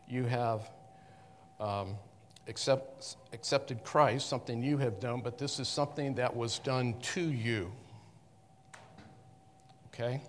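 A man teaching the Bible to a congregation in a conversational way, pausing and correcting himself often. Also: mid-range voice, a little hiss or hum. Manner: halting, with frequent restarts and self-corrections. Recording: long reverb of a hall.

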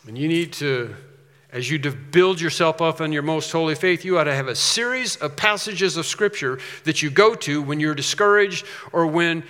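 A man's voice: on the high side, fairly bright tone. A man preaching a sermon as pastor, emphatic, repeating phrases and rising on key points. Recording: reverberant hall.

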